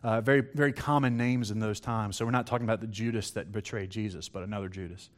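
A man preaching a sermon to a congregation, reading scripture aloud and acting out the quotes in a lively, conversational way, with questions to his audience. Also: lowish voice, fast.

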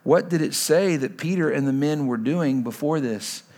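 Emphatic high-voiced male preacher. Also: moderate pace. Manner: emphatic, swings between loud and hushed. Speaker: pastor. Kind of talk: sermon.

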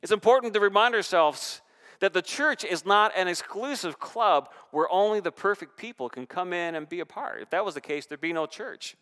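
A man preaching a sermon in a church, animated, with rising and falling emphasis. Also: high-pitched, normal speed, smooth. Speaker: pastor. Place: church sanctuary. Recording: reverberant church hall.

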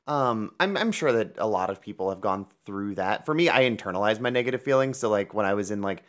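A woman's voice: rumbling low, animated, quick pace. A woman co-hosting a film podcast. She tells personal stories in a chatty, self-deprecating way. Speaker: podcast co-host. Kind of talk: casual film discussion.

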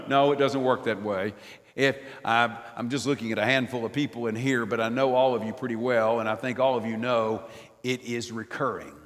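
An older man delivers a sermon in a church nave, his voice trailing off in a long hall reverb. He swings between loud, emphatic lines and hushed, almost whispered ones, with a mid-pitched voice. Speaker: preacher.

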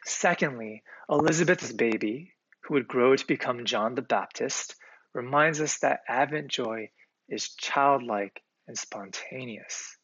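A man's voice: mid-range voice, unhurried, fairly bright tone, a little hiss or hum. A male pastor delivering a sermon in an earnest, conversational way, with occasional fillers. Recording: slightly muffled, dry recording.

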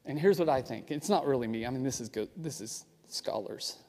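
A pastor giving a sermon in a casual, explanatory way, often adding quick asides to the listeners. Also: male voice, mid-range voice, animated, mellow. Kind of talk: conversational sermon. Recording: long reverb of a large hall.

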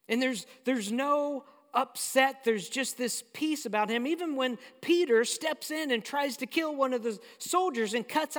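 A pastor preaching a sermon in a conversational, storytelling way. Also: mid-range voice. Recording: long hall reverb.

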